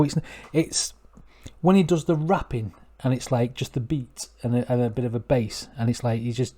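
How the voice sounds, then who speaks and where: A man's voice: mid-range voice, normal speed. A middle-aged man hosts a music reaction video. He rambles and keeps correcting himself as he gets worked up about a song. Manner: rambling, self-correcting, excitable. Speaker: music reaction channel host. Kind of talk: casual reaction commentary.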